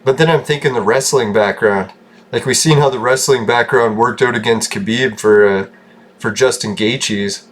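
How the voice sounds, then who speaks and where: A man's voice: medium pitch, moderate pace. A man from Canada giving rambling, casual commentary over gameplay, joking, swearing and laughing often. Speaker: gaming channel host.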